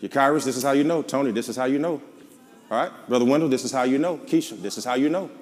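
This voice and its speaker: A man with a Southern American accent, a pastor preaching a sermon, calling out to the congregation and then dropping into low asides. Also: quick pace, big-room sound. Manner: call-and-response preaching, swings from shouting to low asides. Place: large church before a live congregation. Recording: live church with crowd and noise. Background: congregation responding.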